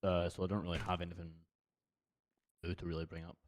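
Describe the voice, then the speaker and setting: Hesitant low-key man reporting. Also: level tone, quick pace. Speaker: police officer in a roleplay meeting. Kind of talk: casual roleplay chat.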